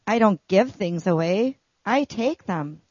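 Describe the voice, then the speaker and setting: A woman voicing a powerful, greedy king in a read-aloud story, speaking loudly and demandingly. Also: mid-range voice, animated, takes it slowly, dry recording, dull audio. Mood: indignant.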